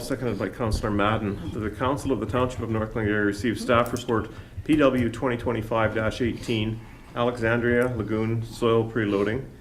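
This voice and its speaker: A man's voice: lowish voice, slight background noise. A man, a councillor, formally reading a motion aloud in council chambers and stumbling over the figures.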